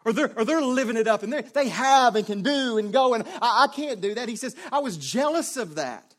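A male preacher giving a sermon, dropping to a hushed voice and then rising to raised, pleading cries. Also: lively intonation, fairly quick. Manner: swings between hushed low passages and raised pleading cries.

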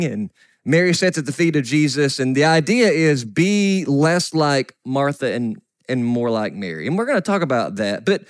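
A middle-aged man preaching a sermon as a pastor, earnest, often sinking to a soft whisper. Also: on the high side, no room sound, studio quality. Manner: earnest, drops to soft whispers for quoted grief.

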